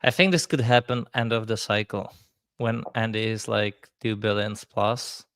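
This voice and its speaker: A man in casual livestream banter, with a fairly low voice and a playful, joking manner. His sound is dry and close. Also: level tone, moderate pace, fairly bright tone, dry recording. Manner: playful, joking, laughs often. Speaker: crypto market show co-host.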